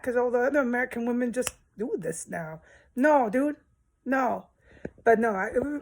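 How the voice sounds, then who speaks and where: A woman's voice: a little high, moderate pace, darkish tone. A woman talking straight to her viewers in a rambling personal monologue, emotional and swearing often. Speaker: vlogger.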